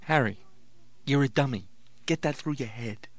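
A man's voice: mid-range voice, normal speed. A man hosting a comedy podcast as a ventriloquist, joking and punning as the straight man to his dummy.

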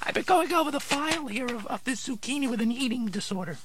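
A man voicing a cranky male dummy who plays a vegetable therapist, gruff, impatient and sarcastic. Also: very high-pitched, animated, fast, noisy background, pitched above the performer's own voice. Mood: deadpan. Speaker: ventriloquist's dummy. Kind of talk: ventriloquist comedy routine.

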